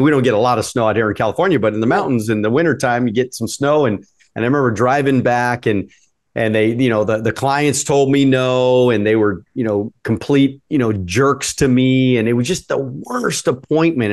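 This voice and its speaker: Halting, easygoing male podcast host. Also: medium pitch. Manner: halting, repeats words and fillers. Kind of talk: casual storytelling.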